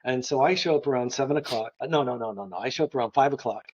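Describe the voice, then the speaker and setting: Man, from Florida, art historian guest, lively storyteller, middle pitch, slightly muffled recording. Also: very fast, a little hiss or hum. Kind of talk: conversational anecdotes.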